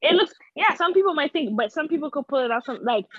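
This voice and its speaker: A woman's voice: high voice, animated, quick pace, over a noisy crowd. A woman in casual chat with an easygoing, laid-back way of talking. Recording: dry, dull lo-fi sound.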